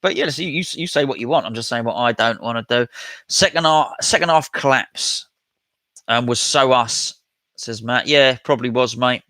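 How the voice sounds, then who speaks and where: A man's voice: mid-range voice, moderate pace, pushed and bright, dry recording. A man hosting a casual live stream, chatting and reading out viewer comments as he replies. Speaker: host reading live chat.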